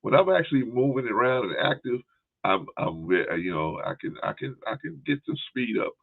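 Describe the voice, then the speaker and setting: A man's voice: mid-range voice, expressive, brisk, vocal fry. A male podcast host chatting casually, with a laid-back, rambling manner and frequent "right?" and "y'all". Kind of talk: casual chat. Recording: tinny phone-like line.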